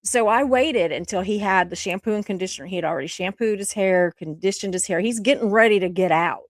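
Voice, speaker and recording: Woman co-host spinning a relaxed story. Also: mid-range voice, no room sound. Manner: relaxed drawn-out storytelling with fillers. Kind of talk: casual storytelling chat.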